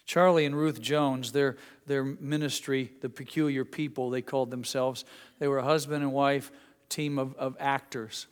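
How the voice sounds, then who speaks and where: A man's voice: mid-range voice, a little slow. A middle-aged man preaching a sermon, telling stories and reading scripture in an earnest way. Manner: storytelling, earnest, with Bible readings. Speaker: pastor. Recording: long reverb of a hall.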